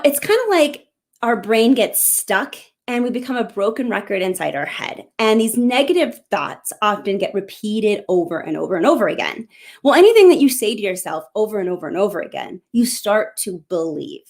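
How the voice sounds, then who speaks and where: A middle-aged woman hosting a live parenting question-and-answer talk, speaking earnestly and encouragingly straight to parents. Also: mid-range voice. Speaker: parenting coach and show host.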